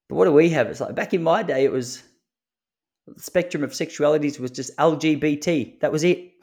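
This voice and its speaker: A man's voice: a little high, brisk, vocal fry, a little mellow, husky. A man, hosting a podcast as a laid-back comedic storyteller who chuckles at his own jokes. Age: 30s. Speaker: podcast host. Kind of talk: solo comedic podcast monologue.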